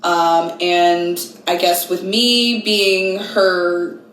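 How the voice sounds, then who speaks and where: A woman in her late twenties telling a story casually, animated and slangy, acting out what people said. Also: lowish voice, drawn-out words, echoey room, low-quality recording. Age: late 20s. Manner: animated, slangy, acts out quotes.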